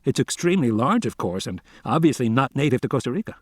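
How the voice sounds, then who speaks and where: A man's voice: medium pitch, very animated, quick pace, slightly rough, dry recording. Narrator doing a friendly, placating male researcher, eager to explain, dry close sound. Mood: earnest. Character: chatty, placating male field biologist.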